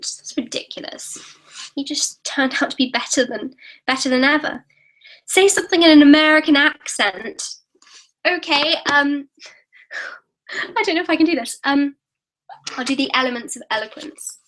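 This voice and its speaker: A teenage girl hosts a live Q&A from her computer, reading viewer comments aloud and answering in a chatty, giggly way with quick restarts. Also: high-pitched, a bit bright, poor audio. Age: teens. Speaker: YouTuber hosting a live Q&A.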